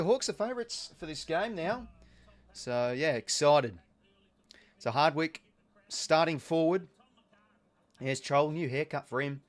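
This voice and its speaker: Slow and often pausing, this young Australian host has a fairly high voice with lively intonation. He chats his way through a live watch-along of the game, reads viewer comments aloud and uses plenty of filler.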